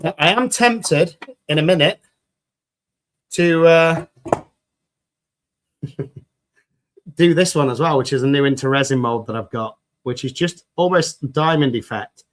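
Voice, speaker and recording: A British man hosts a resin crafting livestream, reading out viewer comments and chatting casually in an upbeat, jokey way. His voice sits a little high and moves a little slowly, with frequent pauses.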